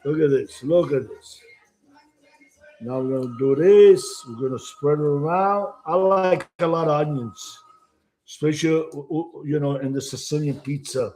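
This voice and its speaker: A home cooking show host from Italy rambles in broken English with an Italian accent while cooking, chatting casually to camera. He speaks a little slowly in a fairly high, warm voice, with roomy acoustics.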